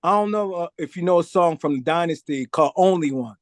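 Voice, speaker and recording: A man's voice: on the high side, a little fast, no echo, clean studio sound. A middle-aged man, telling a story in a casual interview and acting out the voices of the people in it. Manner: animated, acts out quoted voices, says "man" a lot. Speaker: record producer guest.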